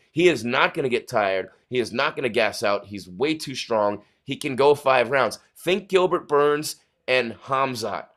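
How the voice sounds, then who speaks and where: A man's voice: mid-range voice, a bit bright. A man hosting a casual live stream, rambling and restarting often as he chats with viewers while clicking through pages. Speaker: livestream host.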